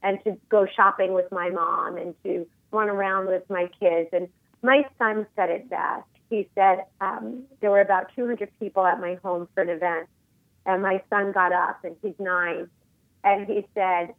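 A woman in her forties speaks as a guest in a phone interview. Her voice comes over a thin, tinny phone line with no room sound at all. She talks in an emphatic, animated way. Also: medium pitch, normal speed, vocal fry, no room sound. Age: 40s.

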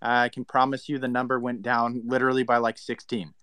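Bright, teasing male co-host. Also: medium pitch, monotone, a little fast, smooth, no echo. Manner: teasing, sarcastic. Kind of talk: casual chat.

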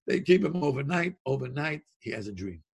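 A man telling a Hasidic tale in an animated, excited way, laughing often and shouting at the high points. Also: fairly quick, creaky, breathy edge. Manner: sings a Yiddish-style tune. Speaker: storyteller.

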